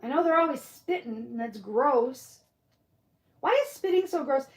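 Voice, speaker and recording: Chatty high-voiced woman from Michigan. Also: animated, a little slow, echoey room. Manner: chatty, answers viewer comments, muses aloud. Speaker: livestream crafter reading chat. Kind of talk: casual live-stream chat.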